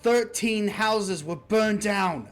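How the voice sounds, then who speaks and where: A man's voice: mid-range voice, normal speed, slightly rough, soft background music, natural voice. A man voicing a stern scolding dragoness. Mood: furious. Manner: reproachful, raises voice in outrage. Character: stern female dragon leader, scolding and disappointed.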